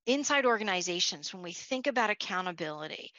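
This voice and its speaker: A woman's voice: lowish voice, lively intonation, quick pace, pushed and bright, no echo, dull audio. A woman from Long Island, New York, giving a conversational leadership talk with stories and restarts. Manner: conversational, restarts, storytelling asides. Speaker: leadership speaker.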